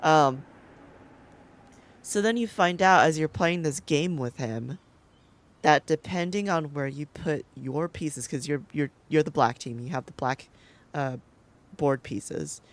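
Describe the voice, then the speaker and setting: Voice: mid-range voice, slow pace. A gaming creator giving casual gameplay commentary, chatty and rambling, who swears freely and laughs often. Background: game music.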